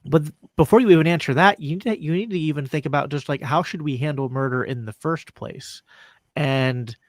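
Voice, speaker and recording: A man hosting a podcast interview, talking loosely with lots of "like" fillers and quick laughs. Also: on the high side, dry recording. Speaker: podcast host. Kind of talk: casual conversational interview.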